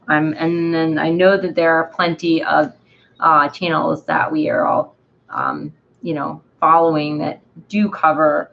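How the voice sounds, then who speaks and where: Female book club host, slow halting reader full of fillers; dull lo-fi stream audio. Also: low voice, creaky. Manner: reads haltingly, stumbling over long words with many fillers. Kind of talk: live reading and discussion.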